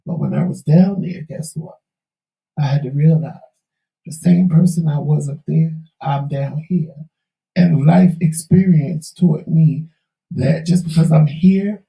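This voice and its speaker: A man sharing a hard-won life lesson in a candid, preachy talk-show chat, his slang loose and his voice gravelly and wearing thin. The tone is dark and mellow. He sounds set back from the mic in a roomy, echoing space. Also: on the high side, far from the mic. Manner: preachy, emphatic, folksy Southern-tinged slang. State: losing his voice.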